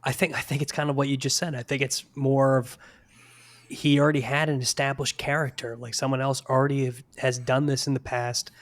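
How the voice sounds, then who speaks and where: A man co-hosting a casual podcast, easygoing and quick to laugh along. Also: medium pitch, little pitch movement.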